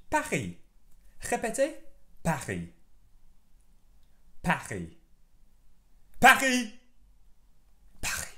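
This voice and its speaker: A man leads a kids' French lesson, his voice leaping wildly up and down as he drills each word. He is playful and theatrical, and he often takes his time between words. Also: fairly high pitch. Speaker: French teacher. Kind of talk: energetic beginner language lesson.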